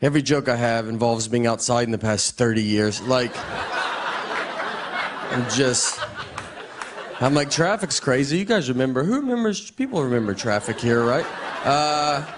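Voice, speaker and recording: A man with a Southern US accent telling stand-up stories in a dry, deadpan way. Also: mid-range voice, moderate pace, pauses often, crowd noise, noisy background. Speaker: stand-up comedian. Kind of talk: stand-up set and talk show chat.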